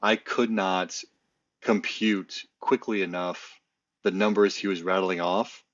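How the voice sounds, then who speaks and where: A man co-hosting a casual podcast, telling stories in a relaxed, halting way with many fillers. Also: low-pitched, muffled recording. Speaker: podcast co-host. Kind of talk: casual chat.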